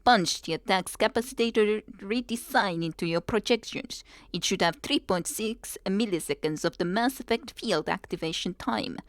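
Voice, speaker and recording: A woman's voice: medium pitch, normal speed, hardly any pauses, dry recording, studio quality, close to an everyday voice. Scientist reading a report in a mock-Russian accent, earnest and matter-of-fact, put on by a woman. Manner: reads the letter in a put-on accent.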